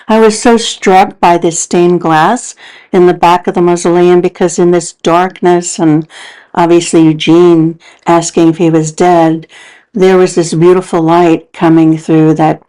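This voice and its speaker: A woman's voice: on the low side, little pitch movement, measured pace, warm tone, smooth, low-quality recording. A woman hosting a paranormal investigation video, narrating in an earnest, contemplative voice-over.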